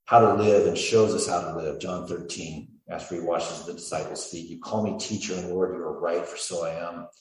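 A low-voiced man preaches in a church, his voice booming around a very echoey sanctuary. He stands away from the microphone, so his words sound distant. He reads scripture with earnest, swelling emphasis. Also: darkish tone. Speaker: pastor. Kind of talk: sermon. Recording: echoey hall, speaker far from mic.

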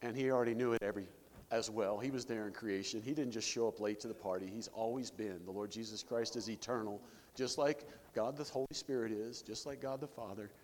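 A man's voice: on the low side, fairly even intonation, brisk, darkish tone, in a large hall. A male pastor giving a sermon in a conversational preaching style, asking his listeners rhetorical questions.

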